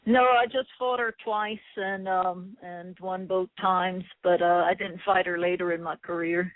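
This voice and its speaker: A woman's voice: fairly low pitch, steady tone, a little slow, no echo. Irish woman on a tinny phone line. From Ireland. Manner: soft-spoken, hesitant with many fillers. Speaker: guest, former boxer. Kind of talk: phone interview.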